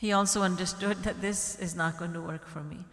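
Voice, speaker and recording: A woman's voice: lowish voice, fairly even intonation, fairly quick, a bit bright. A woman giving a spiritual sermon, telling stories and acting out the voices of their characters with light laughs. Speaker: spiritual teacher. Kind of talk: sermon storytelling. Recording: echoey hall.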